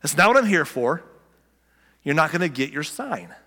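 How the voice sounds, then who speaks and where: A worn-out, blunt Jesus, done with the crowd's demands, as a preacher puts him on. The voice sits a bit high and trails off into a long hall reverb. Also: male voice, very animated, normal speed, pushed and bright, full character voice. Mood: fed-up. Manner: exasperated, blunt. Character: weary, fed-up adult male Jesus.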